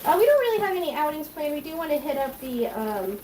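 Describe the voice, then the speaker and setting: A woman's voice: high-pitched, very animated, fast talker, a little mellow, a little hiss or hum. A woman hosting a casual cooking livestream from her home kitchen, a chatty, scattered mother reading viewer comments aloud as she cooks. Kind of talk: casual live-stream chat while cooking.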